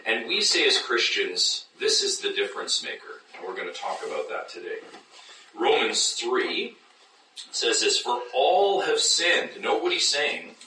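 A man preaching a sermon as pastor, animated, acting out doubters in high mocking voices. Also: measured pace, slight background noise. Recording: echoey room, mic at a distance.

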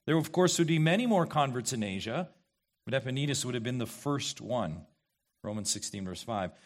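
A man's voice: medium pitch, expressive, normal speed. A male pastor preaching an expository sermon, emphatic and questioning, repeating key phrases to the congregation.

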